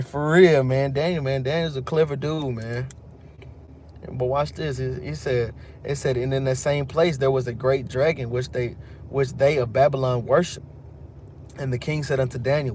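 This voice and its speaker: Gravelly Texan man preaching casually. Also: medium pitch, darkish tone, a little hiss or hum. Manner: reads scripture then retells it in slang. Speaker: teacher of a religious group. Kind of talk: bible teaching with casual commentary.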